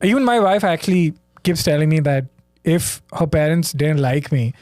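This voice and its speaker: Male comedian guest from India, calm and reflective, slightly high voice, close dry sound. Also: moderate pace, no echo. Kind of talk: casual chat.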